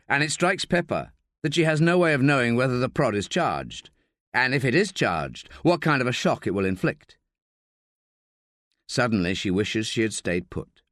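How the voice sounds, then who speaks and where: A man's voice: mid-range voice, no echo, studio quality. A man narrating a tense thriller audiobook in a dramatic reading style. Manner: dramatic, voices shouted dialogue.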